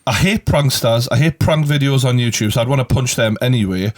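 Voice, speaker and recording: A man's voice: mid-range voice, a little fast. Geordie man, podcast host, blunt heckler, swears a lot, everyday mid-range voice. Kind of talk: casual podcast banter. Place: podcast studio.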